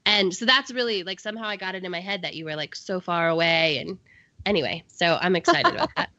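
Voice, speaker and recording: A woman's voice: lowish voice, expressive, fast, bright, forceful tone, dry recording, highs cut off. A woman co-hosting a podcast, chatting casually and rambling, with restarts and plenty of fillers. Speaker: podcast co-host.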